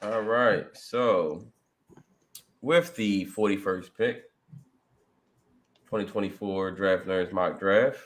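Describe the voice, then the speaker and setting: A man's voice: low voice, slow pace, pauses often. A man picking teams in a casual mock draft chat, loose and jokey, sometimes stumbling over names.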